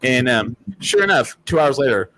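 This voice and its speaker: A man hosting a casual chat. He tells stories in a lively, profane way and acts out what people said. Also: medium pitch, moderate pace, slight background noise. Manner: animated, profane storytelling with acted-out quotes. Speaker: host.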